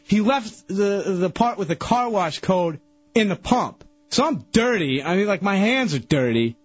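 A husky, fairly high male voice that swoops all over as he rambles through an excitable story on a radio show, stumbling and restarting. The sound is dry and a bit dull, like a lo-fi broadcast. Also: unhurried, dry recording.

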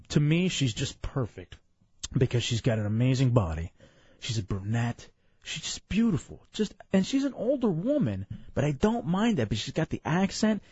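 A man's voice: medium pitch, a little mellow, husky, dry recording. A tired young man from Dallas, hosting a casual chat show in a rambling, joking way. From Dallas, Texas. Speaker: podcast host. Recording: dull lo-fi, dry room.

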